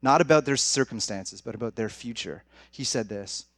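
A man's voice: medium pitch, normal speed, no room sound. A young man preaching a sermon as pastor, talking to the congregation in a direct, conversational way. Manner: conversational, direct, addresses audience as guys.

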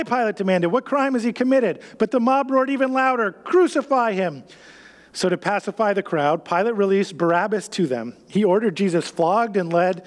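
A man preaching a sermon, acting out everyday scenes with lively, raised voices between calmer teaching. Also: sits high, big-room sound. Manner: animated, acts out scenes in a raised voice. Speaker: pastor.

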